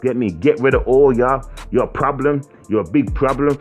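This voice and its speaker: A man's voice: medium pitch, a little fast, hardly any pauses. A British man delivers a ranting vlog commentary in a mid-range voice. He is profane, repetitive and confrontational. Faint music plays in the background. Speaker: video commentator.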